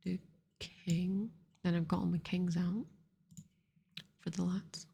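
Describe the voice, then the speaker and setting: A woman host giving soft-spoken ASMR commentary over a card game, rambling to herself in a whisper close to the microphone. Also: on the low side, flat delivery, slow pace, vocal fry, pauses often, breathy edge. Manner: softly whispered, rambling self-talk. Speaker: ASMR gaming channel host.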